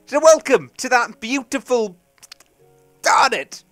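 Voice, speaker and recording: A man's voice: a little high, very animated, a little fast, a bit bright, no room sound, faint music behind. A young man, rambling and joking through casual let's play commentary. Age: young adult. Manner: rambling, chatty, jokey. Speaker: gaming commentator.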